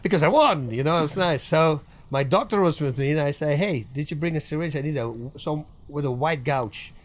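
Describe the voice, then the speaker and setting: A middle-aged man, a guest on an interview, telling stories in a lively casual way, laughing often and acting out what people said. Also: fairly high pitch, fairly quick. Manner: animated storyteller, laughs often, acts out quotes. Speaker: guest, former fighter.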